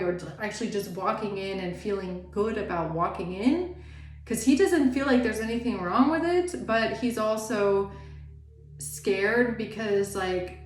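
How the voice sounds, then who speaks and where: A woman giving a casual tarot reading, rambling and chatty, with lots of "like" fillers. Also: mid-range voice. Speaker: tarot reader. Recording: roomy echo, faint background noise.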